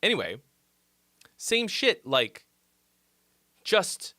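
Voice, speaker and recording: A man hosting a live stream, chatting casually with viewers in a rambling, profane, excitable way and answering their comments. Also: high voice, drawn-out words. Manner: reads viewer comments aloud and replies. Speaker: livestream host giving song critiques.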